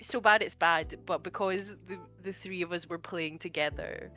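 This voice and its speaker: Brit woman cohost, lowish voice, blunt, laughs a lot, casual games chat. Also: steady tone, moderate pace, a bit bright, faint music behind. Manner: laughs often, wry and blunt. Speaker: podcast co-host.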